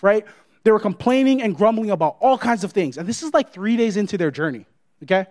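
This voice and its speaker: A man with a notably high voice preaches a sermon. He talks emphatically, hammering points through repetition and constantly checking in with his listeners. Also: lively intonation, brisk, darkish tone. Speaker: pastor.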